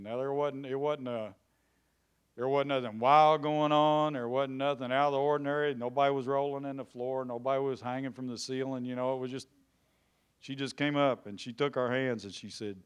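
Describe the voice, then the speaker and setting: A man pastor preaching a lively sermon in church, calling out to people in the congregation by name and rising to loud shouts. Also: medium pitch, moderate pace, clean tone.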